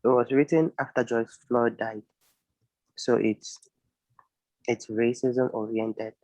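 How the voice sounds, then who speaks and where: A man with a Cameroonian English accent, a poet who first explains himself in a halting, earnest way and then recites a spoken-word poem in a steady, solemn voice. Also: medium pitch, no echo, low-quality recording.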